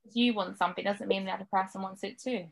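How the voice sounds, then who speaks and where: A woman's voice: mid-range voice, steady tone, fast, vocal fry, background noise. A woman chatting casually on a podcast, frank and blunt, swearing now and then.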